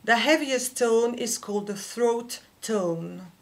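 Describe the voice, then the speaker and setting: A woman whose first language is French, teaching a singing lesson and explaining slowly and carefully with small pauses. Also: fairly high pitch. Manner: slow, careful explaining with fillers. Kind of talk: vocal lesson with sung demonstrations.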